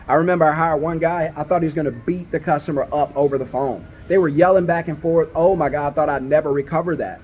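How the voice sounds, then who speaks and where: A man delivering business advice straight to camera, sounding like a hands-on company owner coaching his peers. His voice sits slightly high for a man, and he drives points home by repeating them. He keeps the tone emphatic and brotherly, often checking in with a quick "right?". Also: a little mellow, a little hiss or hum.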